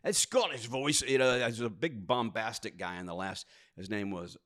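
Animated man, low-pitched, laughing storyteller. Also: moderate pace. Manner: animated, laughing, slips into put-on voices. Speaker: audiobook narrator. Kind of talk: casual chat, storytelling.

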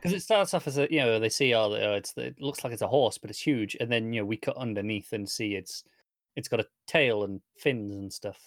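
A man co-hosting a casual comic review chat, measured and even-handed, with hesitant restarts. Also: lowish voice, dry recording, studio quality. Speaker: podcast co-host.

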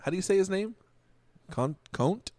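A man's voice: sits high, lively intonation, normal speed, dark tone, dry recording. A man co-hosting a podcast, blunt and sarcastic, arguing his opinions in casual chat. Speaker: podcast co-host.

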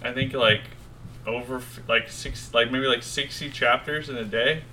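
A man's voice: medium pitch, steady tone, normal speed, pushed and bright, slight background noise. A young man hosting a casual podcast, rambling and joking with friends, swearing freely. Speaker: podcast host. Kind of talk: casual chat.

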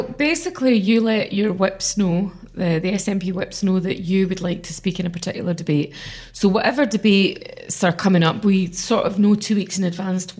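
A woman's voice: medium pitch, darkish tone. A middle-aged woman, a member of parliament talking earnestly in an interview, with many fillers and restarts. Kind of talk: conversational interview.

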